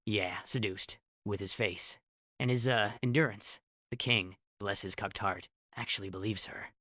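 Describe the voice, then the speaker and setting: A man recaps a comic story with a sarcastic edge, dropping snarky asides between plot beats. His voice sits a little low but sounds bright and sharp, and it is recorded dry and close. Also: fairly even intonation, unhurried, no echo. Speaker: recap narrator. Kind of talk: comedic story recap narration.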